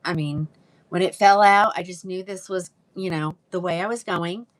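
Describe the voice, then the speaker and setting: Selling wigs live, this woman talks at an ordinary pace in a voice on the low side. Her sales chat stays relaxed as she welcomes viewers one by one by name.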